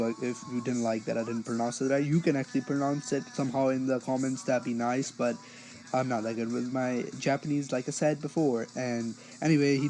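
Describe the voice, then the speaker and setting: A man talks through an episode review in a loose, rambling way, full of fillers and restarts. His voice sits at an ordinary middle pitch. Soft music plays faintly underneath. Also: rough recording. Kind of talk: casual spoken review.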